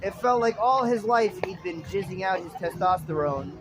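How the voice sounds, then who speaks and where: A man's voice: high voice, lively intonation, moderate pace, low-quality recording. A man delivering a rambling, dramatic stream-of-consciousness monologue with poetic turns. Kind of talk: rambling spoken-word monologue. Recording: street noise with traffic.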